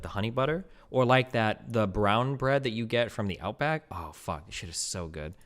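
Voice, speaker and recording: A man streaming, ranting casually about food with profane, animated, opinionated talk full of "like" fillers. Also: on the low side. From United States. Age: 30s.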